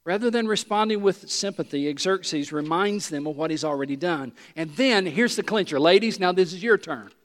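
A man preaching an expository sermon in an animated, emphatic, conversational teaching manner. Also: sits high, moderate pace, few pauses, in a large hall.

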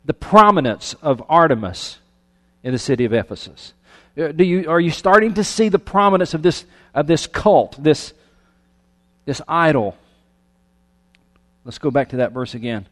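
A man preaching a sermon, reading scripture aloud and breaking off into lively, conversational asides. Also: on the high side, normal speed, long pauses, long reverb tail. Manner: animated, conversational preaching with restarts. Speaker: pastor.

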